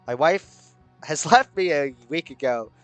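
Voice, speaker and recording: A man's voice: on the high side, expressive, measured pace, dry recording, highs cut off, soft background music. A man reading as a grieving broken father. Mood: despairing. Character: grieving middle-aged father, broken teacher.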